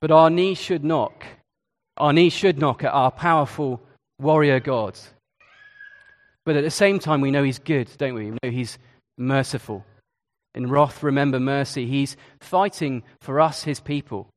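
A man's voice: mid-range voice, measured pace, long reverb tail. A man preaching a sermon in a conversational way, with hesitations and asides. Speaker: Church of England preacher.

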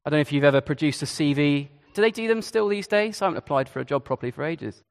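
Chatty preacher in reverb. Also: male voice, a little high, animated, fast. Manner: conversational, with hesitations and asides. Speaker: Church of England preacher. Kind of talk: sermon.

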